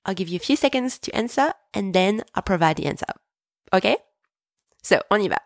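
A woman teaching a podcast French lesson, pronouncing each word slowly and clearly so listeners can repeat after her. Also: mid-range voice, animated, no echo, clean studio sound. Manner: clear, slow, deliberate pronunciation for repeating. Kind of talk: podcast language lesson with repetition drills.

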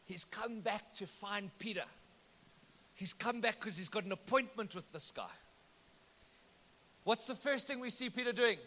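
A man's voice: high voice, unhurried, pauses often, pushed and bright. A man, preaching a sermon and retelling the text as a story with joking asides. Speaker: pastor. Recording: echoey hall.

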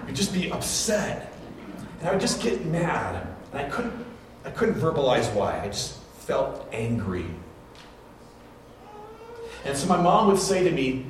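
A man's voice: big pitch swings, normal speed, pauses often, far from the mic, a little hiss or hum. Man preaching in a very echoey church. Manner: storytelling, rises to high emphatic peaks. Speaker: pastor. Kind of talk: sermon. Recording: very echoey room, voice from afar.

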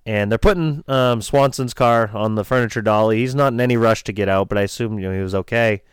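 A man's voice: lowish voice, fast talker, smooth, no echo, clean studio sound. A man casually retelling a race-day crash story, rambling and swearing freely. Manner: rambling, profane, animated retelling. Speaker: race crew member telling a story. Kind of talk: casual storytelling podcast chat.

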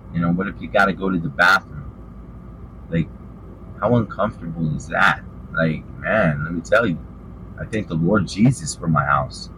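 A man's voice: deep voice, pushed and bright, slight background noise, low-quality recording. A man preaching an informal sermon, fervent and calling listeners out with rhetorical questions. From western United States.

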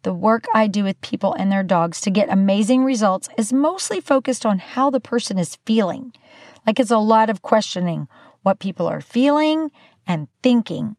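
An older woman hosting her own podcast, bubbly and animated with playful asides, talking casually to the listener. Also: medium pitch, normal speed, no room sound, studio quality. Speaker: podcast host. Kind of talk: casual solo podcast talk.

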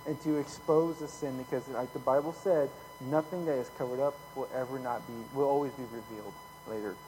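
A man preaching a casual sermon, folksy and chatty, tagging lines with "okay?" and getting louder when he reads scripture. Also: mid-range voice, steady tone, a little fast, a little hiss or hum, low-quality recording. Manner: folksy, repeats "okay?" often, rises loud when reading scripture. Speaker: pastor.

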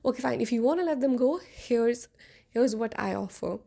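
An arrogant young prince, put on by a woman narrator, protesting and bargaining with stubborn insistence. The voice is warm and slightly gravelly, close to the storyteller's own. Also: on the high side, lively intonation, moderate pace. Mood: indignant.

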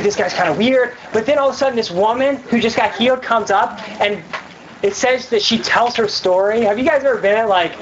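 Chatty woman preaching to youth, tons of "like"s, kinda muffled recording with faint hiss. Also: mid-range voice. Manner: chatty, filler-heavy, acts out scenes in voices. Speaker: youth speaker. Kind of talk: casual youth sermon.

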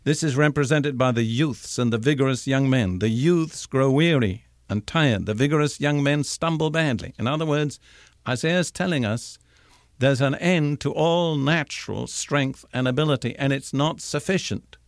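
An older man teaching from the Bible in a measured, emphatic sermon, slowing down to stress key words. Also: mid-range voice, no echo, studio quality. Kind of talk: recorded radio sermon.

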